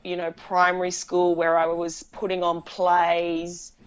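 A woman's voice: lowish voice, completely flat delivery, a little slow, clear, resonant tone, lo-fi sound. A woman film director, chatting animatedly in an interview and telling stories with laughs. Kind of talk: casual interview conversation.

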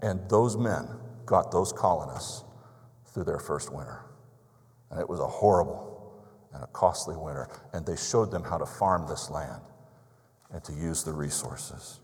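A man's voice: very deep voice, a little slow, pauses often, darkish tone. A man preaching a sermon as pastor, telling stories conversationally and asking emphatic rhetorical questions. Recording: long reverb of a large hall.

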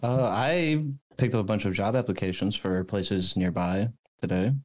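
A man's voice: steady tone, moderate pace, a little mellow. A young man in a casual chat among friends, riffing on silly ideas. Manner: jokey, goes high for impressions.

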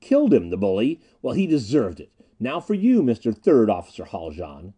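A man's voice: lowish voice, huge pitch swings, normal speed, dark tone, husky, exaggerated voice. A man reading the part of a spiteful male traitor in an audiobook, gloating in a sneering way.

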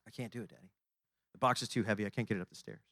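A man voicing his small four-year-old son, who pleads softly that he cannot carry a box. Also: lowish voice, rapid-fire, no echo, studio quality, pitched below the performer's own voice. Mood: pleading.

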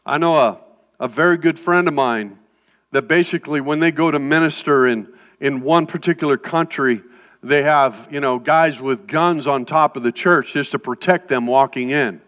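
High-pitched pastor preaching in a reverberant hall. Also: male voice, moderate pace. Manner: conversational, animated, breaks off with quips. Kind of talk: sermon. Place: church sanctuary. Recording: dull sound in a reverberant hall.

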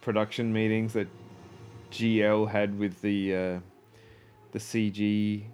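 A man's voice: lowish voice, completely flat delivery, takes it slowly, a little mellow, slight background noise. A man chatting casually, joking and laughing often. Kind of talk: casual chat.

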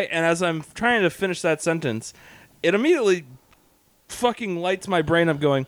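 A man on a podcast panel telling a funny story about himself in an animated way. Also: a little high, fairly quick, smooth, no room sound. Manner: animated, self-mocking storyteller. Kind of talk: casual storytelling chat.

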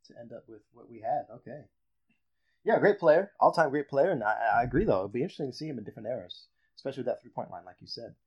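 A man's voice: mid-range voice, fast, husky. A man hosting a casual sports podcast chat, telling a story with dramatic build-up. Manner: animated storyteller, builds up reveals. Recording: dull lo-fi audio.

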